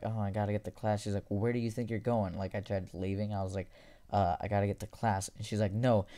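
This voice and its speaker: Teenage boy, storytime vlogger, low voice, smooth, rambling fillers. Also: warm tone. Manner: rambling, filler-heavy retelling. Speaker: storytime YouTuber. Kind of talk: casual storytelling.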